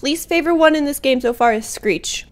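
A female gaming YouTuber with a high, fairly quick voice plays a horror game, gasping and reacting aloud in jumpy, exclamatory commentary. Faint game music sits in the background.

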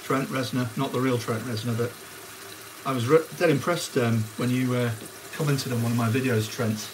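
A man's voice: medium pitch, steady tone, normal speed, background noise. A man hosting a live cooking stream, chatting casually and greeting viewers by name as he cooks. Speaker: cooking livestream host. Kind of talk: casual live cookalong chat. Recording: frying sizzle behind the voice. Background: onions sizzling in a pan.

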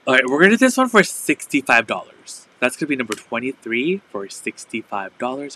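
A man's voice: medium pitch, very animated, fairly quick, hardly any pauses, bright, forceful tone, slight background noise, low-quality recording. A man hosting a live resale stream, chatting casually and filling his talk with "like". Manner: chatty, full of "like" fillers. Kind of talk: casual live sales chat.

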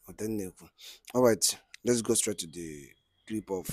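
Deep guy introducing a clip, calm, bit hesitant, dry sound. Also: unhurried, breathy edge, no room sound. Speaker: channel host.

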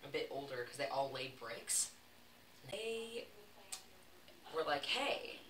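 Low-voiced Southern woman in an echoey room. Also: very animated, slow pace. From Texas. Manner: chatty, laughing, playful asides. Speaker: vlog host. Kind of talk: casual storytelling while baking. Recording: echoey room, voice from a distance, background noise.

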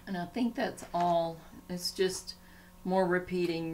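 A woman's voice: on the low side, slow pace, a little mellow, a little hiss or hum. A woman chatting casually in a home vlog, rambling and easily sidetracked as she talks. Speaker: Christian vlogger. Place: home room.

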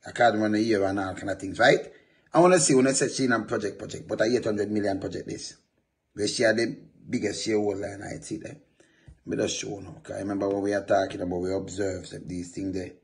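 Low-voiced man, rambling. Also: steady tone, fast, vocal fry. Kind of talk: casual commentary over a news article.

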